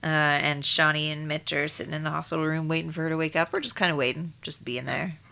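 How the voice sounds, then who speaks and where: A woman co-hosting a podcast, chiming in on a recap with dry, quick asides. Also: deep voice, fairly even intonation, vocal fry, pushed and bright. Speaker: podcast co-host. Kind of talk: casual recap chat.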